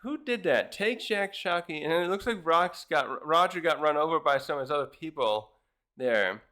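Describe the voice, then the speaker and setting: A man's voice: on the high side, lively intonation, moderate pace, sharp tone. A man casually reviewing a comic chapter, rambling with many fillers and restarts. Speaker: manga reviewer.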